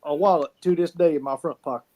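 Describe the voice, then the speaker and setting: A man's voice: on the high side, steady tone, fast talker, dark tone. A man from South Carolina with a Southern accent, telling folksy stories in a casual chat, repeating words as he goes.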